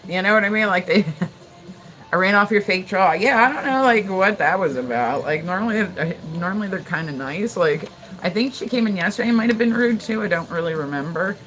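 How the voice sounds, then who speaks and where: A woman's voice: medium pitch, lively intonation, fairly quick, fairly bright tone, rough recording. A woman live streaming in casual chat, rambling with lots of fillers, laughter and swearing.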